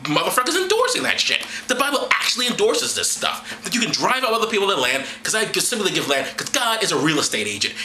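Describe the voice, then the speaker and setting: A man's voice: fairly high pitch, bright, forceful tone, reverberant, slight background noise, low-quality recording. A man reading scripture aloud and breaking off into mocking, profane, sarcastic asides. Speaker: vlogger.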